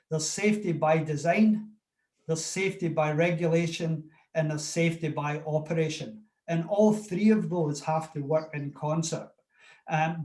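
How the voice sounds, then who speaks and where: A man's voice: a little high, darkish tone, reverberant. A man with a Scottish accent speaking plainly and confidently as a panelist in a discussion.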